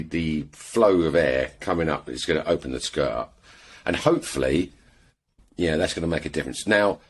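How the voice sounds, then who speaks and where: A British man with a very low, husky voice, chatting as a podcast guest. He rambles through his stories, doubling back and adding asides as he goes. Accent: British English. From England. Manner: rambling storyteller, lots of restarts and asides. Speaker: podcast guest, airgun shooter. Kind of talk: casual chat.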